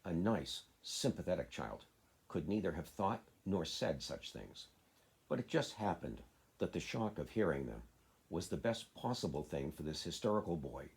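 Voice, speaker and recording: A man, a father, reading a children's classic aloud in a steady, plain way. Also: deep voice, normal speed, husky. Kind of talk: storybook reading.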